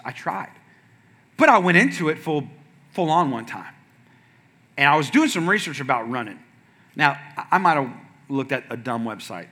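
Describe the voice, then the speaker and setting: A man preaching a sermon as a pastor, telling a story with big swings from quiet asides to loud, shouted punchlines. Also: mid-range voice.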